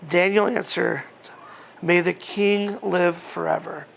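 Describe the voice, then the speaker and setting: Male pastor, high and gravelly voice, easygoing conversational preaching with scripture reading. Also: slow pace, slight background noise. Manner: relaxed, chatty, frequent fillers and chuckles.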